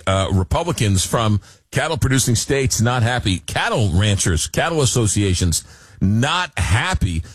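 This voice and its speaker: A man's voice: on the low side, dry recording, clean studio sound. Chatty male talk radio host. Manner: chatty, repeats words, jokey.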